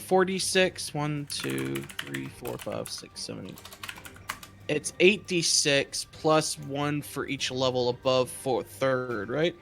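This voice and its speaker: During casual tabletop game chat, a male player thinks aloud and counts dice under his breath. His voice is mid-range with a sharp tone.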